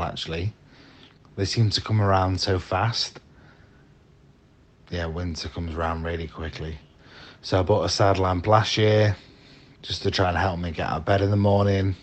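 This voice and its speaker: A man with a Northern English accent leaving a friendly, easygoing voice message for a podcast. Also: deep voice. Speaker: caller.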